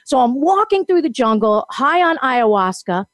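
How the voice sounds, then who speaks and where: A woman telling a long personal story in casual chat, animated and laughing often as she acts out what people said. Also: high voice, normal speed, no room sound. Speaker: guest.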